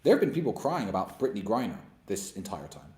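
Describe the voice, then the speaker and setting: A man's voice: fairly low pitch, sing-song, quick pace, mellow. A man in his thirties giving a blunt, scornful opinion monologue as a commentator. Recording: roomy echo.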